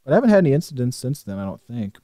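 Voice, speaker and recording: Animated young man telling a story. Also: mid-range voice, very fast, dry recording, studio quality. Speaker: podcast co-host. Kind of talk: casual chat.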